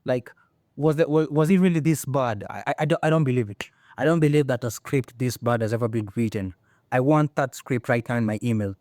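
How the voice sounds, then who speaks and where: A young man tearing into a film with a blunt, mocking, exasperated delivery. His mid-pitched voice sounds close and dry, with no room echo. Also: fairly quick, a little mellow. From Kenya. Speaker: film reviewer. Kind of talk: ranting movie review.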